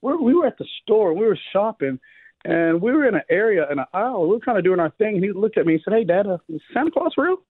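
A man of about fifty telling funny family stories in a casual chat, co-hosting a show and jumping higher whenever he quotes someone. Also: fast, no echo. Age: 50s. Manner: animated storyteller, jumps higher for quoted voices. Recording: tinny phone-like radio sound.

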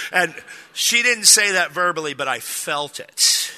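A middle-aged man from Texas preaches with a very bright, forceful tone and a slightly raised voice. He tells stories in an animated, self-deprecating way with jokey asides. His voice rings in the long reverb of a church hall. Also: fairly high pitch, fairly quick. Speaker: pastor. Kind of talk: sermon with humorous storytelling.

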